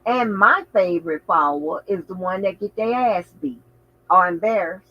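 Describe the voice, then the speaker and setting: A man hosting a casual livestream, talking in an animated, outspoken way with frequent swearing and exclamations. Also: high voice, normal speed, muffled recording. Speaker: channel host.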